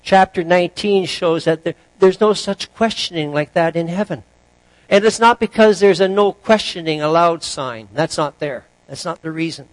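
Man, pastor, sermon, chatty storytelling, somewhat high voice, dry close sound. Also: normal speed, dry recording, low-quality recording. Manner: relaxed, chatty storytelling with asides.

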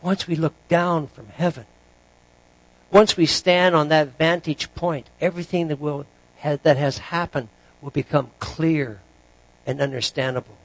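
A man preaching as a pastor, telling a joke story in a relaxed, chatty way with asides to the congregation. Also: a little high, measured pace, dry recording, rough recording.

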